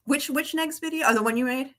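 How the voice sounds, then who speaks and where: A woman co-hosting a casual livestream, rambling and swearing, quick to mock herself. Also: high-pitched, fairly bright tone. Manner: rambling, swearing, self-mocking. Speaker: livestream co-host.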